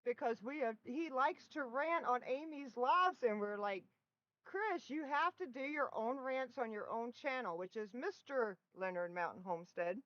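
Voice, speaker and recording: A woman's voice: a little high, lively intonation, normal speed, a bit bright, no echo, lo-fi sound. A middle-aged woman hosting a casual live stream from home, chatting with viewers and often breaking into laughter, recorded on a laptop mic. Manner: giggly, bursts of laughter. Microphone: built-in laptop microphone.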